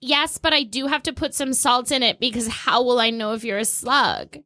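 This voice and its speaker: A woman's voice: on the high side, fairly even intonation, moderate pace, pushed and bright, no echo. A woman improvising rambling, playful answers as a speed-dater. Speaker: comedian playing dater. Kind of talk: improv comedy.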